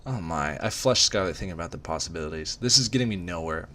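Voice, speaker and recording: Deep-voiced man reading a story aloud. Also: expressive, quick pace, a bit bright. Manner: casual, stumbling over words. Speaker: reader. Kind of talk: amateur dramatic reading.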